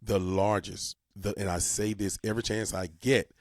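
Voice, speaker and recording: A man's voice: lowish voice, level tone, moderate pace, no room sound, clean studio sound. A man co-hosting a community talk show, explaining civics in an emphatic, folksy way and repeating words for emphasis. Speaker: co-host. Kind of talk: talk radio civics segment.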